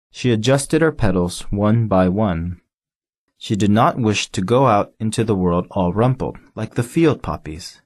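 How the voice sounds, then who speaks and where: A man narrating a storybook in a measured, expressive style. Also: lowish voice. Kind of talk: audiobook narration.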